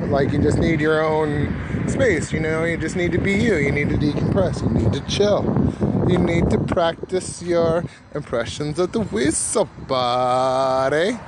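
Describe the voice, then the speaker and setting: A man hosting a solo podcast while walking down a street, rambling and laughing at his own jokes. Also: on the high side. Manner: rambling, self-amused, full of fillers. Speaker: podcast host. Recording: loud street noise outdoors.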